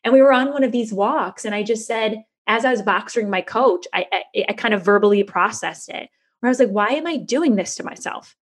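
A woman in her thirties telling a personal story in a candid interview, lively and chatty, acting out the voices of people she quotes. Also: a little high, brisk. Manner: animated, acts out quoted voices, frequent "like" fillers. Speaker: guest.

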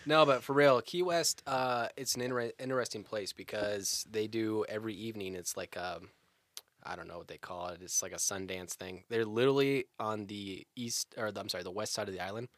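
A man co-hosting a chatty podcast, relaxed and rambling, filling his pauses with ums and uhs. His voice sits a little low, recorded close and dry. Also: no echo. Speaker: podcast co-host. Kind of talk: casual chat.

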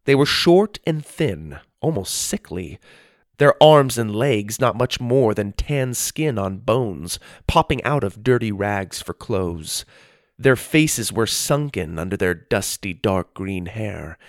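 A man narrates a storybook in a low, gravelly voice. His reading swings up and down with lively expression. The sound is dry and close to the mic. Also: takes it slowly, no room sound.

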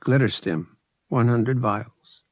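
A man's voice: medium pitch, slow pace, no room sound, studio quality, pitched above the performer's own voice. A man voicing a smug, impatient young male pilot who speaks in short, clipped lines. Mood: curt. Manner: curt, impatient.

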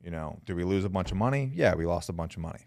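Deep-voiced man in relaxed chat. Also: racing, gravelly. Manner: conversational, with many fillers and restarts. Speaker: podcast host. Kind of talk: casual chat.

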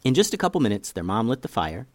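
A man reading a children's story aloud, with lively, expressive storytelling. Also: mid-range voice, quick pace, dry recording, clean studio sound.

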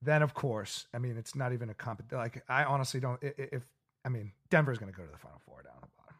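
A man's voice: mid-range voice, animated, fast, a bit bright, slightly rough. A man co-hosting a casual sports podcast, running through his tournament picks in a loose, chatty way. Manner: loose and chatty, with laughs and acted-out quotes. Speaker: podcast co-host.

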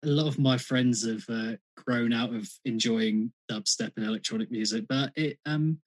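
A man's voice: medium pitch, moderate pace. A British man talking as a podcast guest, rambling and chatty, swearing freely in casual conversation. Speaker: podcast guest, music reviewer.

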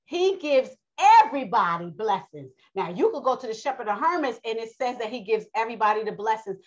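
A woman gives a casual, emphatic sermon, her fairly high voice climbing sharply whenever she speaks for the Most High. She reads scripture and talks straight to the listener, calling them honey and baby. The audio is dull and lo-fi. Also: fast. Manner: animated, rising high when quoting the Most High. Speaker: preacher.

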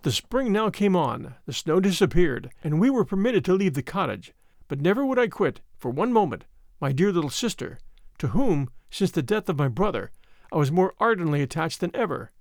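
A man narrating a classic tale as an audiobook reading, in an expressive, dramatic manner. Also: on the high side, moderate pace, dry recording, studio quality.

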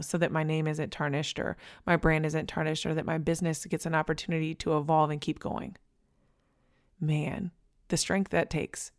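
A woman in her thirties talks straight to her viewers in a motivational vlog. Her voice sits on the low side, and she speaks candidly and emphatically. She swears casually and leans on everyday fillers. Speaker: vlogger. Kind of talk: motivational talk to camera.

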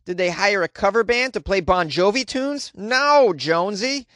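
Sarcastic guy riffing on weird news, kinda high voice, super dry sound. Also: big pitch swings, normal speed, few pauses, a bit bright, no echo. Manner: sarcastic and jokey, mocking the stories. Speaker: podcast host. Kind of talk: comedic news commentary.

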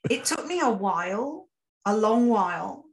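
A woman author talking candidly in a casual interview, self-deprecating and quick to laugh. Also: mid-range voice, big pitch swings. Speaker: author guest.

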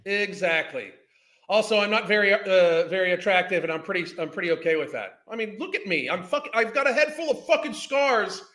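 A man's voice: high voice, lively intonation, a little fast, hardly any pauses, bright, forceful tone. A man, ranting in a heated, profane, scornful way as a podcast host. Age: 50s. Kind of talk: ranting commentary.

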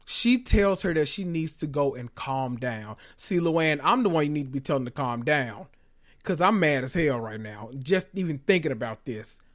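A man hosting a podcast, recapping reality TV in a loud, profane, animated way with sudden high squeals. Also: normal speed. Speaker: podcast host.

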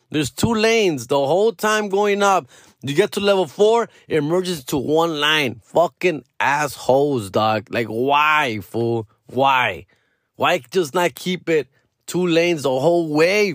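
A young man with a Chicano English accent, his voice on the high side, tells a rambling story as a casual rant packed with slang and swearing, dropping into Spanish now and then. The animated telling is recorded clean in a studio with no echo.

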